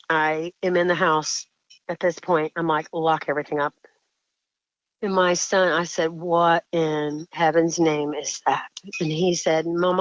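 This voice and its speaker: A woman's voice: lowish voice, no echo. Shaken woman caller, dull audio. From Indiana. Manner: shaken, halting, restarts mid-sentence. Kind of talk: telling a personal encounter story.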